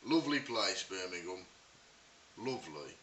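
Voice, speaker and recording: A man's voice: sits low, very animated, unhurried, a bit bright. A Scottish man in a casual comedic monologue, wry and mocking, rambling with fillers. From Scotland. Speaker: vlogger. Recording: roomy, distant mic with hiss.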